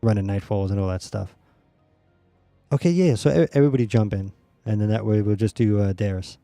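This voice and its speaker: Mellow relaxed male gaming streamer. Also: fairly low pitch, fairly quick, vocal fry, no echo, soft background music. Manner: relaxed, rambling, many fillers. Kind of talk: casual gaming chat.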